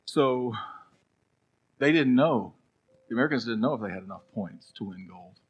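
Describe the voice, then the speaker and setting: A man preaching a sermon as pastor, telling a story, then swinging between loud urging and a hushed, prayerful hush. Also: mid-range voice, lively intonation, moderate pace, husky, highs cut off.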